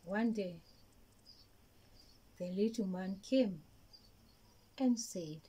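Woman telling a kids' story, slow and singsongy, soft mellow voice. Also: mid-range voice, husky, poor audio. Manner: gentle, slow and sing-song, with repetitions. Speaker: kindergarten storyteller. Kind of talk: children's storytelling.

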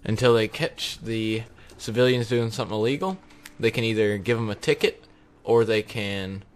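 A man's voice: lowish voice, moderate pace. A young man hosting a casual gaming video, rambling with lots of ums and uhs and laughing easily. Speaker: gaming YouTuber host.

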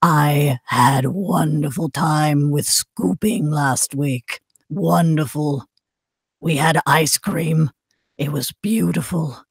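A woman putting on a gloating female killer with a posh British accent. She speaks slowly and darkly, savoring each word. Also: sits low, creaky, breathy edge, no echo, clean studio sound, voice pushed down, full character voice. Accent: posh British, put on. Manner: slow, relishing, dark.

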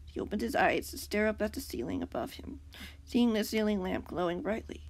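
A woman reading her own fan fiction aloud in a casual way, with slips and quick self-corrections. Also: mid-range voice, expressive, darkish tone.

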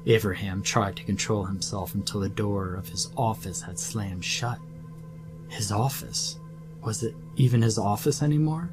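A man reading a horror story as a slow and deliberate scripted narration. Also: lowish voice, over music.

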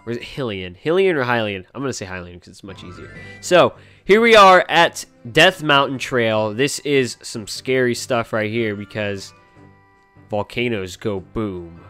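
A man's voice: mid-range voice, animated, normal speed, pushed and bright, soft background music. A man giving casual, rambling and profane commentary on a video game from his home, joking as he plays. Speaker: gaming channel host. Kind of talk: casual let's play commentary.

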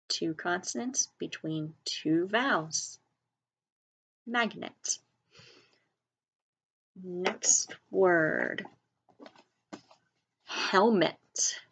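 A woman teacher with a lowish, fairly bright voice leads children through a reading lesson. Enunciating slowly and clearly, she sounds out words syllable by syllable and spells them letter by letter.

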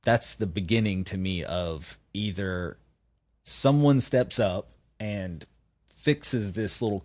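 Male podcast guest, low voice, dry sound, opinionated animated chatter. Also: dry recording. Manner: animated, opinionated riffing with many restarts. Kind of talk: casual podcast chat.

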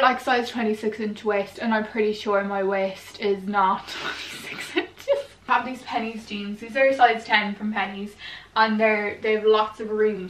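A woman, chatting bubbly and casually as a fashion vlogger, swearing now and then. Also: medium pitch. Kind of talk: casual chat to camera. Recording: echoey room, mic at a distance.

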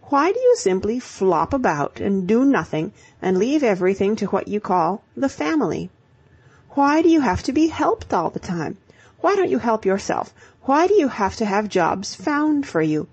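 A woman's voice: medium pitch, big pitch swings, moderate pace, darkish tone, slightly rough, pitched above the performer's own voice. Woman voicing a spirited, emphatic young woman. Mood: lecturing. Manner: emphatic, lecturing, exclamatory. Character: spirited young woman giving brisk advice.

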